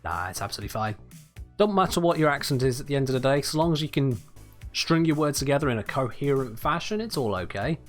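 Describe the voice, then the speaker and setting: A man's voice: medium pitch, expressive, quick pace, soft background music. Chatty man streaming a game. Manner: chatty, wry, reads out and answers chat. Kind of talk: casual livestream chat while gaming.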